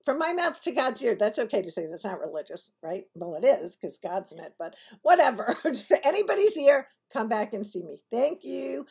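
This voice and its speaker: A woman's voice: on the high side, sing-song, normal speed, gravelly, hardly any pauses, darkish tone, breathy edge. A woman telling a personal story to her audience in a chatty, digressive way, often laughing through her punchlines. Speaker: vlogger telling personal stories. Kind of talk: casual storytelling to camera.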